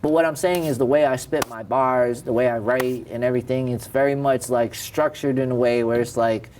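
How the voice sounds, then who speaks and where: A man's voice: medium pitch, fairly even intonation, brisk, a little mellow, a little hiss or hum. Candid rapper in his thirties. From Cambridge, Massachusetts. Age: 30s. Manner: candid, rambling, self-correcting. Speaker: rapper guest. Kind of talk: casual interview talk. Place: TV studio.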